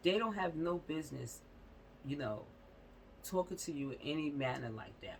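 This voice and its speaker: A woman's voice: low voice, animated, normal speed, gravelly, a little hiss or hum, low-quality recording. A woman hosting a casual commentary vlog, talking bluntly and emphatically, often repeating herself and checking in with "you know what I'm saying". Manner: blunt, uses mild profanity. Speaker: channel host.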